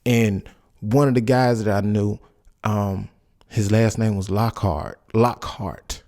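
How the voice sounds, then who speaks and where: A man's voice: lowish voice, fairly even intonation, slow pace, darkish tone. A man in his forties hosting a podcast, giving casual commentary and personal stories in a loose, rambling way with many restarts. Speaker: podcast host.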